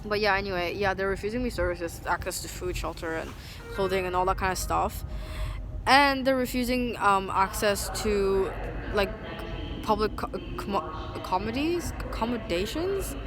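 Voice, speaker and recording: A woman venting to a phone camera at an outdoor bus station, agitated and rambling, full of "like", swinging from low muttering to loud indignation. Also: normal speed, over music. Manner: agitated, rambling, heavy use of "like". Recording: street noise and passing vehicles.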